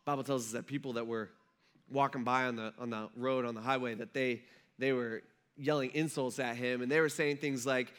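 Bright-voiced conversational male pastor. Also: medium pitch, brisk, clean tone. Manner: conversational storytelling preacher, acting out crowd voices. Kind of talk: sermon.

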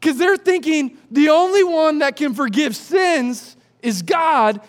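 A man's voice: very high voice, animated, takes it slowly. A man preaching a sermon, retelling a scripture story with jokes and acted-out voices. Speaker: pastor.

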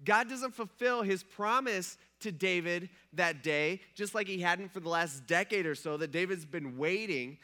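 A man's voice: high voice, measured pace, few pauses, bright, forceful tone. A man preaching a sermon, retelling a story in a conversational way and casually acting out the characters' lines. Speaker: pastor.

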